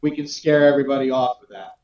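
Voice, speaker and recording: A man's voice: medium pitch, quick pace. A man co-hosting a casual sports chat, asking questions in an upbeat, playful way. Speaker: co-host. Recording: dull, echoey call audio.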